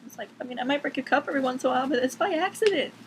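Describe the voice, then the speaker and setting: A woman's voice: high-pitched, animated, racing, rough recording. A teenage girl ranting casually to camera from her bedroom, sarcastic, swearing freely and filling her talk with "like". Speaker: vlogger. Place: bedroom at home. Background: cats making noise.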